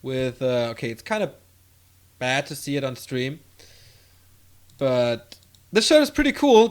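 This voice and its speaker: A man casting a strategy game on his own, calling the action in quick play-by-play and rambling casually to viewers between games. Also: on the high side. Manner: excitable play-by-play, drifting into loose rambling asides between games. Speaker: esports caster. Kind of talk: solo game commentary with casual chat.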